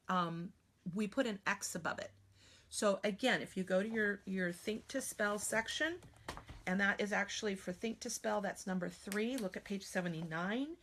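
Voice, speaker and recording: An American woman teaching spelling in a live online class. She talks in a chatty, animated way and sometimes slips into playful silly voices. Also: mid-range voice. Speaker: spelling trainer.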